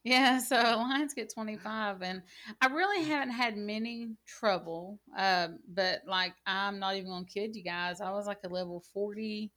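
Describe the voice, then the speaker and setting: A woman's voice: mid-range voice, moderate pace, sharp tone. A woman in casual gaming chat, telling rambling stories full of "like" and "you know.". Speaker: gaming channel co-host.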